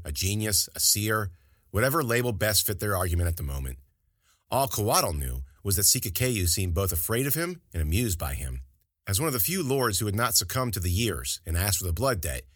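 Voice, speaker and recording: Man narrating audiobook, expressive, lively pitch, dry close sound. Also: no room sound.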